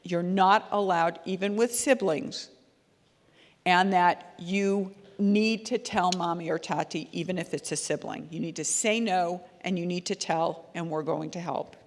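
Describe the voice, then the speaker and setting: A woman's voice: fairly low pitch, a little slow. A woman child-safety educator giving an earnest, conversational talk to parents, telling stories with frequent ums and restarts. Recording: long hall reverb.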